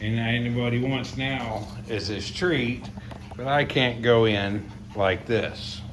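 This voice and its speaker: A man with a mid-range voice and slow pace grooms his dog indoors, chatting casually to the camera and the dog. This pet owner's vlog narration is recorded in an echoey room with loud ambient noise.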